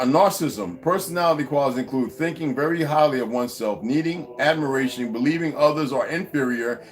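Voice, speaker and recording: This American vlogger launches into a heated ranting monologue, swearing freely and mocking as he goes. His voice swings widely in pitch.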